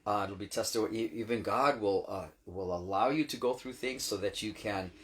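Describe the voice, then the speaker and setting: A man's voice: fairly low pitch, normal speed, slight background noise. Man in casual Bible teaching chat. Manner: informal, explains scripture in everyday words with frequent "right?". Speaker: pastor.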